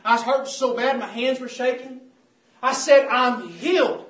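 Preaching at a normal speed, a man with a very high, fairly bright voice delivers a fervent, repetitive sermon in church. He calls out "saints of God" to the congregation, and the roomy sound is recorded from a distance.

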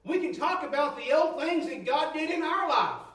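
A man preaching a sermon, fervent and swinging from near shouts to low storytelling tones. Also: expressive, normal speed, distant mic. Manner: fervent, rising to near shouts, dropping low for quoted stories. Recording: roomy echo, from off-mic.

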